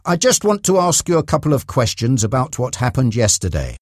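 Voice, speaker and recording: A man's voice: mid-range voice, big pitch swings, fairly quick, no echo, studio quality. A man reading an audiobook, voicing a severe, overbearing male FBI agent who presses hard. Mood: stern.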